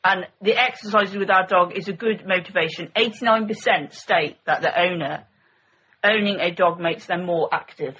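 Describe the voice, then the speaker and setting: A woman's voice: on the low side, normal speed, pushed and bright, husky. A woman, co-hosting a podcast in a chatty, informal way. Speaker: podcast co-host. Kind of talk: casual chat. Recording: dull lo-fi with faint hiss.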